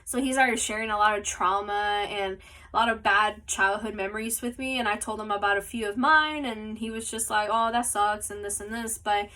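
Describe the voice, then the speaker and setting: A woman's voice: medium pitch, steady tone, moderate pace, pushed and bright. Rambling young woman telling a story. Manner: rambling, full of "like" and "you know". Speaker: podcast host. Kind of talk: casual storytelling. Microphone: phone mic. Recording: distant phone recording.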